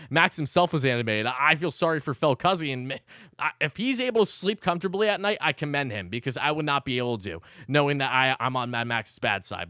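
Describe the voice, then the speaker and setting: A man's voice: mid-range voice, sharp tone, clean tone, no echo, studio quality. A man hosting a live postgame show, recapping the game in a fired-up way, swearing and ranting between updates. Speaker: sports channel host.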